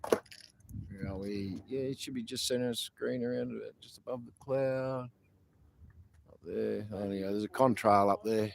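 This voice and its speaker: A lowish, steady voice with vocal fry and a measured pace belongs to an Australian man hosting an outdoor protest livestream. He's casual and chatty, rambling, cursing freely and laughing a lot, with slight background noise.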